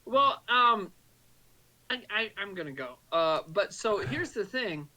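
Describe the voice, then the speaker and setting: A co-host chatting casually on a livestream, dropping in teasing asides and quick reactions. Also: mid-range voice, big pitch swings, sharp tone, low-quality recording. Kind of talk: casual chat.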